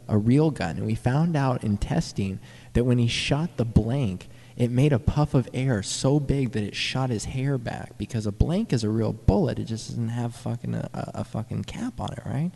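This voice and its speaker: Gravelly young man rambling through a story. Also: medium pitch, normal speed, long reverb tail. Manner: rambling, swearing, excited, stumbling over words. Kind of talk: casual profane anecdote.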